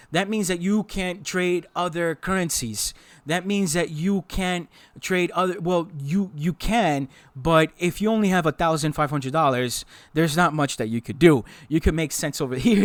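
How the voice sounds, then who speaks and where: A man explaining trades in a casual, emphatic lesson, repeating key phrases to drive them home. His voice sits a little high for a man and sounds dry and close. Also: dry recording. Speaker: trading instructor. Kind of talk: casual teaching over a chart.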